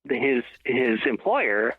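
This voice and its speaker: A guest author calls in by telephone, his medium-pitched, slightly rough voice coming through thin and dry, with no room sound. Speaking slowly with big pitch swings, he rambles through a long story, repeatedly pausing to correct himself before continuing.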